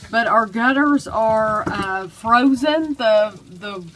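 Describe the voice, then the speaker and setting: A woman's voice: a little high, slow pace, a bit bright, poor audio. A woman vlogging at home, chatting casually and switching to sing-song baby talk with her son. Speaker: vlogger and mother. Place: home, indoors and at the back door.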